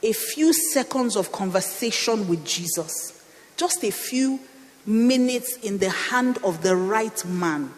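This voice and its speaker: A middle-aged woman pastor, preaching a sermon with animated storytelling and playful asides. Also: medium pitch, slow pace, long reverb tail. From Nigeria.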